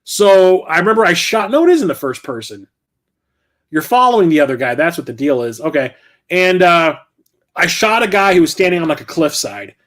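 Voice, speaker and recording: Middle-aged man, slightly high voice, casual vlog host who rambles, swears and corrects himself mid-thought. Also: sing-song, normal speed, a bit bright. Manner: rambling, profane, self-correcting. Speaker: game collector and channel host.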